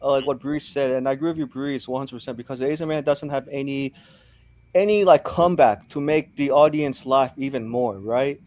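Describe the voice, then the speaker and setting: A man's voice: medium pitch, fairly even intonation, brisk, a little mellow. A man hosting a casual panel discussion, moderating and sometimes tripping over his words.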